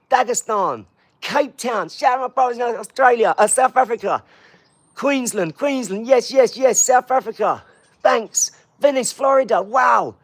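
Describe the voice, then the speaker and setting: A man with an English accent runs a live stream, calling out viewers' hometowns one after another with bouncy energy. His voice sits high for a man. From England. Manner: energetic, shouting out places in quick bursts. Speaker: livestream host. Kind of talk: live-stream chat, reading out viewers' comments.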